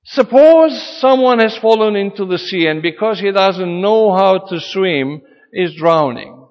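A man's voice: high-pitched, expressive, unhurried. A man preaching a sermon in an earnest, emphatic way, his delivery rising and falling for emphasis. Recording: dull reverberant hall sound.

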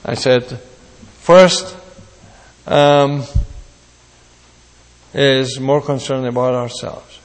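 A man's voice: mid-range voice, level tone, drawn-out words, long pauses. A male pastor preaching a sermon in a conversational way, acting out the voices of imagined listeners. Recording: long hall reverb.

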